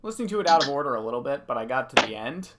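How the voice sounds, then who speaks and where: A man streaming from home, chatting casually and retelling a story in a loose, animated way. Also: medium pitch, racing, very noisy. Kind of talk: casual chat while gaming.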